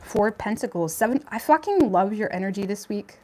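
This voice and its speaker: A woman's voice: mid-range voice, lively intonation, a little fast, dark tone, a little hiss or hum. A young woman giving a casual tarot reading, talking in a chatty, blunt way with lots of fillers and some swearing. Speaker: tarot reader.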